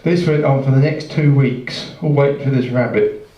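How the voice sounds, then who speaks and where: A man telling a long, rambling joke on a jazz club stage, halting and self-mocking as he goes. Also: medium pitch, fairly even intonation, mellow. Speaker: musician telling a joke between sets. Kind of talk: rambling live shaggy-dog joke. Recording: distant, roomy, dull live club recording.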